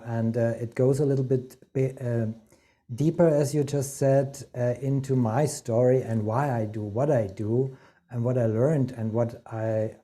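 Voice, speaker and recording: A man with a very dark, mellow voice speaks as a coach in a live online session. He talks hesitantly, with frequent fillers, as he begins to tell his story. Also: medium pitch.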